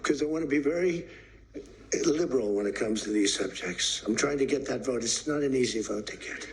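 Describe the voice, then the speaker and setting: A man's voice: medium pitch, brisk, noisy background. A man giving a rambling off-the-cuff speech as president, emphatic and repetitive, acting out stories. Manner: animated storyteller acting out quotes.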